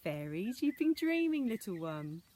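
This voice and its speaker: A woman voicing a loving father in a storybook, speaking gently and indulgently. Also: medium pitch, big pitch swings, unhurried, voice pushed up. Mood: tender.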